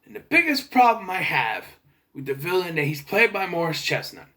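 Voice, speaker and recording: A young adult man casually reviewing a movie, chatty and sarcastic, sometimes clearing his throat. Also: sits high, big pitch swings, normal speed, sharp tone.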